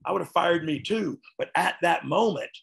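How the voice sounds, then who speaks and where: A man in his fifties with a rough, gravelly edge. He speaks openly and earnestly in a folksy, conversational way, as a guest reflecting on his past. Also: on the high side, animated, moderate pace, fairly bright tone. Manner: earnest, folksy, frequent "you know what I mean". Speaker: guest, retired wrestler. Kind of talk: candid interview talk.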